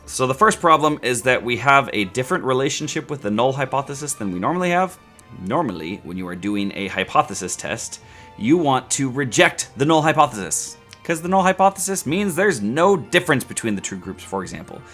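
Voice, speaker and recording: Animated, playful male statistics teacher. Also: medium pitch, fairly quick, soft background music. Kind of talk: scripted educational video.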